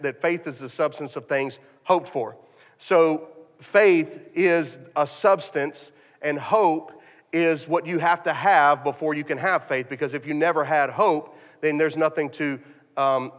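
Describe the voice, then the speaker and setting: A pastor with a fairly high, slightly bright voice preaches a sermon and tells a story full of restarts and repeated words. The recording carries a long hall reverb.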